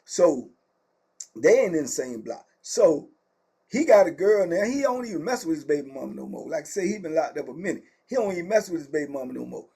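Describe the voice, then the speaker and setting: Host type: middle-aged man, husky and high-voiced, animated slangy storyteller. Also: brisk. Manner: animated, slangy, acts out quoted people. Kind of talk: casual prison story time.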